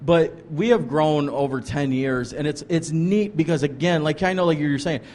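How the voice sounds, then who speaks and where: A man's voice: a little high, moderate pace, darkish tone. A man who is a pastor, telling his ministry story in an earnest, rambling way, with lots of restarts and "like" fillers. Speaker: pastor and ministry leader, guest. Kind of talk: casual conversational storytelling.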